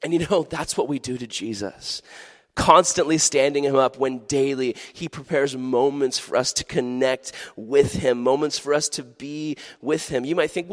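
A man preaches a youth sermon from the pulpit, playful and animated, with sudden shifts into soft earnestness. His voice sits in the middle range for a man. A long hall reverb follows every line. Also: mid-range voice, normal speed. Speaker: pastor.

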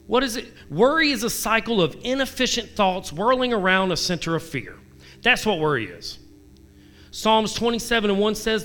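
A man's voice: sits high, big pitch swings, normal speed, fairly bright tone. A married man giving a casual devotional talk. He reads scripture aloud and makes candid, self-deprecating asides and direct questions to his listeners. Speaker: devotional vlogger.

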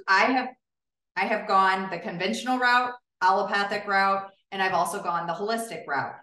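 A woman hosting a podcast interview, telling her own health story in an emphatic, animated way. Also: lowish voice. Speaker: podcast host. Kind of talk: casual interview chat. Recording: roomy, distant mic.

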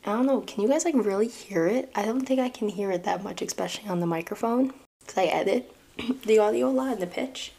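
A woman's voice: medium pitch, a little fast, vocal fry, mellow. A young woman with a New York accent hosting a casual podcast, chatting about a book and its film with asides to her listeners. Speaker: podcast host.

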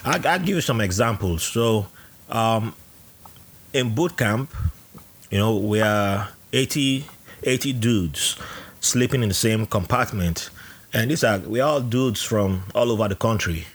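A man's voice: fairly low pitch, measured pace, breathy edge. A man from Nigeria, telling stories in a casual interview and acting out voices. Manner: animated storyteller who acts out voices. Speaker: podcast guest.

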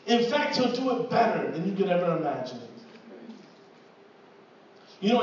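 A man preaching to his church as pastor, repeating words and asking "right?" as he builds to louder passages. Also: high voice, a little hiss or hum. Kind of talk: sermon. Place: church hall. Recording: echoey hall from far off, dull.

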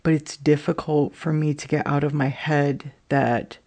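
A woman talking candidly and emotionally in a personal vlog, swearing freely and leaning on "like" and "you know what I mean" as she thinks out loud. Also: low-pitched, flat delivery, unhurried.

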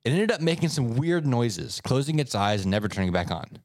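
A man co-hosting a podcast, telling stories in a casual, animated way. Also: a little fast, dry recording, clean studio sound. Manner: animated storyteller, swoops up in pitch for effect. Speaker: podcast co-host. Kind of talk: casual chat, reading stories aloud.

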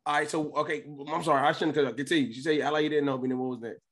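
A man hosting a podcast in casual chat, laughing and chiming in with quick reactions. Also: a little high, fairly even intonation, a bit bright. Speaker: podcast host.

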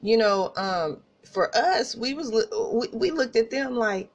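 A woman podcast host from Tulsa with an Oklahoma country accent, telling personal stories in a casual, animated way and talking straight to listeners. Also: on the high side, a little slow, dull audio. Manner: animated, laughing asides, addresses listeners as y'all.

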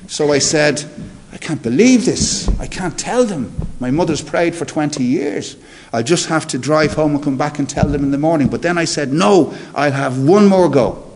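A man in the middle of a spoken testimony. He tells it with energy and acts out the dialogue. His voice sits at an ordinary middle pitch for a man. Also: darkish tone. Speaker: interview guest. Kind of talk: personal testimony storytelling.

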